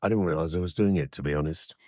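A man's voice: deep voice, very fast, darkish tone, dry recording, clean studio sound. An older man co-hosting a casual home podcast with his wife, joking and hesitant, with many fillers. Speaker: podcast co-host. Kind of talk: casual chat.

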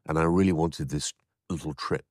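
A man's voice: a bass voice, steady tone, moderate pace, a little mellow, dry recording, clean studio sound. An older man co-hosting a casual home podcast with his wife, joking and hesitant, with many fillers. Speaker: podcast co-host. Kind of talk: casual chat.

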